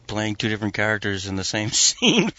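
Radio host guy tossing in jokey asides, bright edgy tone, a bit dull and lo-fi. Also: lowish voice, very animated, fairly quick, no echo. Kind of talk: casual chat.

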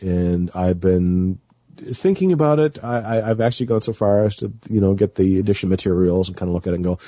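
A man's voice: deep voice, mellow, dry recording, muffled recording. A man chatting as a guest on a radio show, nervous and rambling with many fillers and restarts. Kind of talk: casual chat.

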